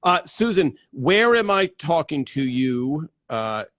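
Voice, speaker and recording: A man's voice: a little high, very animated, takes it slowly, a bit bright, no room sound, clean studio sound. A middle-aged man from New Jersey hosting a casual livestream, greeting viewers one by one with many fillers. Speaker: host.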